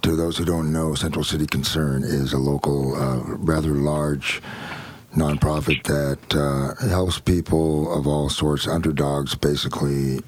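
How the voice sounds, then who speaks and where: A man hosting a podcast in casual chat, rambling and halting with many restarts. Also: very deep voice, little pitch movement, a little mellow. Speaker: podcast host.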